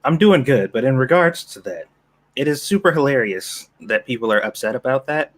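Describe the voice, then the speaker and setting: A man's voice: mid-range voice, expressive, a little fast. Co-host guy chatting on a podcast, amused, tells stories and trips over his words a bit. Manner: amused, storytelling with restarts. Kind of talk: casual podcast chat.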